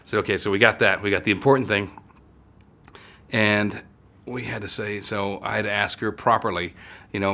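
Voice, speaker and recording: A man from the United States with a low voice and a bright, forceful edge. As an interview guest he tells stories in a relaxed, halting way, often stopping to restart a sentence or fill the gap. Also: gravelly. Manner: halting, many fillers and restarts. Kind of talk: casual storytelling conversation.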